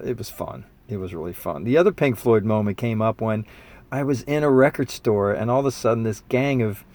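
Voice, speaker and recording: A man in his fifties talking in a casual monologue, earnest and reflective, sometimes excited, with fillers and restarts. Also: fairly low pitch. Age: 50s. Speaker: musician and spiritual teacher.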